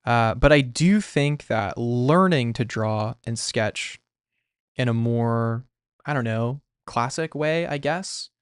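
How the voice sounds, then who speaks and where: A man's voice: medium pitch, slow, clean tone, no room sound, studio quality. A young man talking casually on a livestream while he sketches, rambling with lots of "like" and restarts. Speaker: artist streaming.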